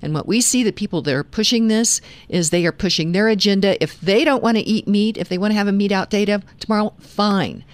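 Woman talk radio host, chatty with fillers, medium pitch, dry studio sound. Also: a little fast, few pauses, no room sound. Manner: conversational, frequent fillers and restarts. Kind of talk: conservative talk radio chat.

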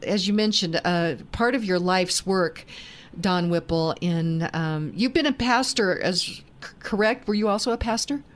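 A woman hosts an interview, asking her guest hesitant, halting questions. She speaks slowly. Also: on the low side.

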